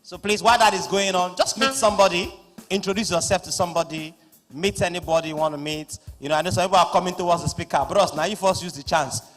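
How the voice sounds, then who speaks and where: A man with a Nigerian accent acting as master of ceremonies at a live conference, loud and playful, slipping into pidgin asides. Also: sits high, steady tone, quick pace, faint music behind. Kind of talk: live event hosting. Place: large conference hall. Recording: echoing hall through PA.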